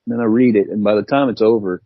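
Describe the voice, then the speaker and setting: A man's voice: on the low side, steady tone, quick pace, no room sound, lo-fi sound. A man telling an anecdote on a podcast as the guest, laughing at himself as he goes. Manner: self-deprecating, laughing storyteller. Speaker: guest writer and editor. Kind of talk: casual storytelling chat.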